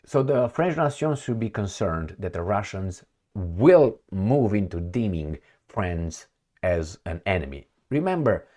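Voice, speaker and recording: A very deep-voiced man talks straight to his viewers in a loose vlog commentary. He rambles and mocks, breaking off into asides and chuckles, and his tone stays sarcastic throughout. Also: unhurried. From Romania. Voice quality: sarcastic, mocking. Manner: rambling, animated, frequent fillers and laughs. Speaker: political commentary vlogger.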